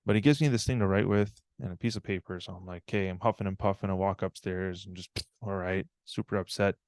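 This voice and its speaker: A man's voice: sits low, fairly even intonation, quick pace, a little mellow. A man giving a live online talk, telling a personal story in an earnest, reflective way and often checking in with "right?".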